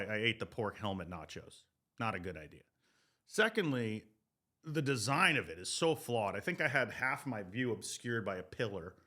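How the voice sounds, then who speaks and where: A man hosting a sports podcast, ranting comedically with loud, profane riffs. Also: on the low side. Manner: loud, profane, animated riffing. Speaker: podcast host.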